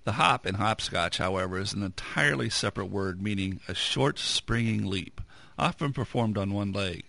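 A man co-hosting a radio show, reading items aloud and cracking dry, punning jokes. His voice sits low with a gravelly rasp and sounds dry and close to the mic. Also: normal speed, pushed and bright, no room sound. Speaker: radio co-host. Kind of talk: jokey radio banter.

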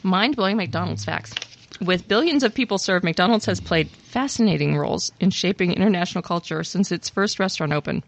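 A woman's voice: on the low side, expressive, a little fast, creaky. A woman co-hosting a casual chat, reading out items with playful asides and frequent giggles. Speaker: podcast co-host.

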